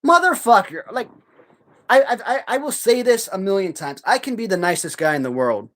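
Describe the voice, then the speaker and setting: A man hosting a live stream in casual chat, swearing heavily as he rants in a heated, halting way full of restarts. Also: sits high, very animated. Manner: profane, heated ranting; halting, many restarts and fillers.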